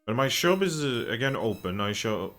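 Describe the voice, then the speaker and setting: A man's voice: mid-range voice, sing-song, normal speed, fairly bright tone, faint music behind. A man voicing a proud old-fashioned shipwright. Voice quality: archaic formal speech.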